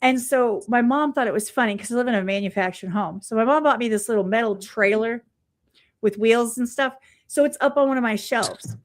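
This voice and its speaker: A woman chatting casually, telling animated stories and swearing freely. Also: fairly high pitch, brisk. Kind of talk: casual chat.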